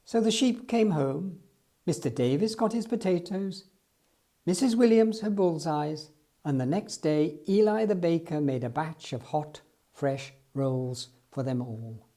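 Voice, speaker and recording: A man reading a children's storybook aloud in an expressive storytelling manner. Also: a little high, measured pace. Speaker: storybook reader.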